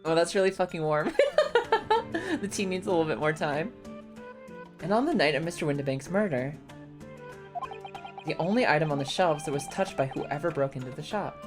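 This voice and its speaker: A young woman streaming a game, chatting casually, excitable, swearing often and breaking into squealing laughs. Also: low voice, normal speed, pauses often, over music. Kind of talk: casual live-stream chat while playing a game.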